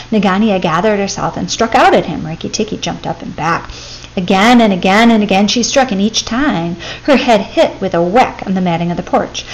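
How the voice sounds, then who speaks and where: A woman reading a classic children's story aloud as a storyteller, with expressive, steady pacing. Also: mid-range voice, muffled recording.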